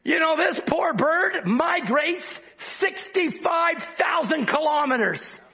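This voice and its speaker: A man preaching a sermon with fervor, breaking into shouts and then dropping low to talk with the congregation. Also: expressive, takes it slowly, highs cut off.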